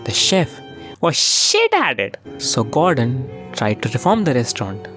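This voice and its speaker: A young commentary narrator with a very lively, bouncing pitch, joking and cursing as they go. Faint music plays under the voice. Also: unhurried. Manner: jokey, profane, playful swings in tone. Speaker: YouTuber narrator.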